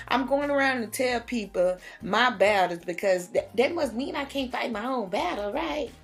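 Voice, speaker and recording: Young woman doing a storytime vlog, slangy and animated, high voice that leaps all over, gravelly edge, faint music under. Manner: animated, slangy, big pitch jumps for quoted lines. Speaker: storytime vlogger. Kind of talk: storytime vlog, casual retelling.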